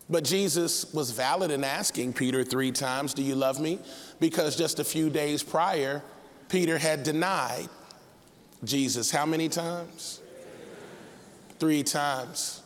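Animated male preacher, high voice, half-sung lines, long reverb. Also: slow pace. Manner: animated, acts out characters, sings phrases. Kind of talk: sermon.

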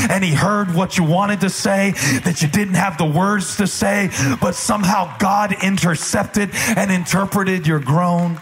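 A man preaching a live sermon in a church, often shouting with passion and sliding into a sung cadence, with playful asides to the congregation. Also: sits high, creaky, slight background noise. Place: church sanctuary before a congregation.

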